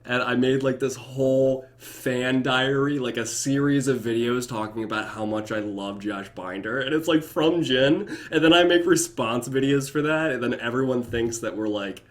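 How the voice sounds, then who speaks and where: A young man hanging out on a casual live stream, talking straight to his viewers. His voice stays around a middle pitch but shoots up into squeaky, laughing bits when a joke gets him going. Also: moderate pace, few pauses. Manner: animated, laughing often, shifting into goofy high voices. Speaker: YouTube reactor.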